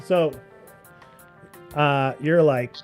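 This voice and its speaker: A man runs a tabletop game, his voice sitting a bit high as he narrates playfully and laughs along with his players. Faint music plays under the call. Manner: playful, laughing, voices characters in quick asides. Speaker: game master.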